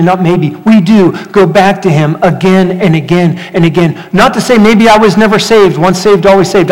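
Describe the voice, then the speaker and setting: A man preaching a sermon as pastor, animated, swinging between loud rhetorical questions and hushed emphasis. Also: a little high. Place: church hall. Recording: long hall reverb.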